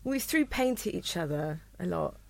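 A woman's voice: fairly low pitch, lively intonation, normal speed, vocal fry, crowd noise. A Welsh woman in her thirties chatting as a podcast guest, laughing often and trailing off mid-sentence. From Wales. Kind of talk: casual chat.

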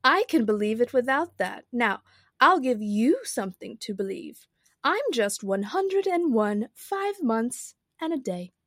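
Woman reading, putting on a dithering old queen with piercing high wails; fussy, scatterbrained, very lively pitch. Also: unhurried, dry recording, clean studio sound, heavily acted. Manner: wailing cries, fussy and dithering.

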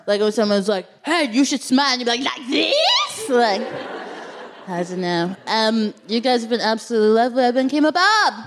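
A woman performs a stand-up set from a live stage. She rambles along playfully, and her voice sits a little higher than most. Now and then she slips into silly put-on voices. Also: animated, fast, hardly any pauses, very noisy. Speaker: co-host, stand-up comedian.

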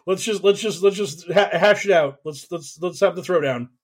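Man, high-pitched, podcast host, emphatic profane rant, exasperated. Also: normal speed. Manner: calls own voice whiny.

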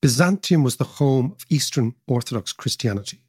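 A man's voice: medium pitch, expressive, fairly quick, darkish tone, slightly rough, no echo, studio quality. A man in his fifties co-hosting a podcast, telling long digressive stories in a lecturing, casual way. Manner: expansive, lecturing, digressive with asides. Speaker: podcast co-host. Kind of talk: casual chat, storytelling.

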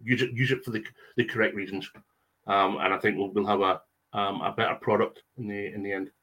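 Guest, careful and hesitant, lowish voice. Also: male voice, flat delivery, a bit bright. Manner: measured, hesitant with many ums. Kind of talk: podcast discussion.

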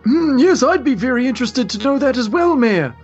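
A woman's voice: sits high, animated, a little fast, a little mellow, husky, highs cut off, soft background music. A woman voicing a shaken woman just freed from possession, talking hesitantly and stammering. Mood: uneasy.

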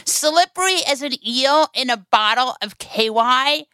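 A woman co-hosting a political podcast, asking brisk questions with dry quips. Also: high-pitched, expressive, pushed and bright, clean tone. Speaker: podcast co-host.

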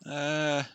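A man playing a tabletop game, playful and quick to laugh. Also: on the high side, bright, forceful tone, clean tone, no echo. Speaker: player. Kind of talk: casual chat at a tabletop game.

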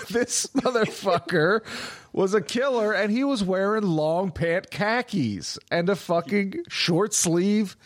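A man casually telling a story in animated, profane chat with friends. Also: high-pitched, dry recording, studio quality. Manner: animated, profane storyteller who acts out quotes.

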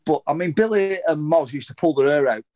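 A man's voice: a little high, lively intonation, a little fast, a little mellow, dull audio. A man, a former footballer, telling rambling anecdotes in a casual interview, swearing heavily and restarting his sentences often.

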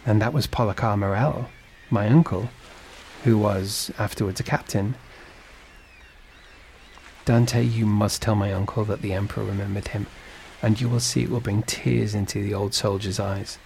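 A man's voice: on the low side, fairly even intonation, moderate pace, vocal fry, a little mellow, a little hiss or hum, low-quality recording. A man reading a storybook and voicing a kindly, fatherly shipowner who asks questions. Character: male shipowner, warm and fatherly employer.

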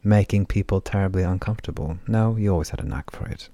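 A sharp-tongued woman healer who loves making people squirm, as a man reads her. Her wry, blunt lines sit low in the voice. The reading is close and dry. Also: quick pace, dry recording. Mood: teasing.

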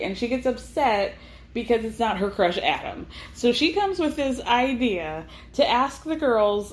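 Host: woman, casual recap chatter, slightly high voice, echoey room. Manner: chatty, filler-heavy, laughing often. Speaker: podcast host. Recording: roomy echo.

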